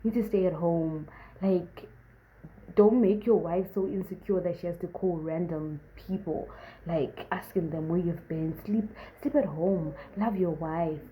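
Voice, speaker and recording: A woman's voice: unhurried, dull audio, a little hiss or hum. A young woman from Zimbabwe casually telling a storytime tale, acting out the other people's lines with big jumps in her voice. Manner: animated, acts out quotes with big pitch jumps. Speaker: vlogger.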